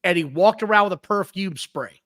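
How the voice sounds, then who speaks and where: On a casual wrestling podcast, a male co-host animatedly recounts matches, cursing freely and speaking bluntly. His voice sits high and moves fairly quickly; the recording is dry and low in quality.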